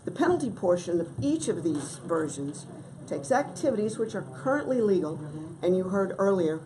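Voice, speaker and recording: A middle-aged woman giving formal testimony at a legislative hearing, measured and emphatic, stressing key words. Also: on the low side, sing-song, background noise. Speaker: testifying witness.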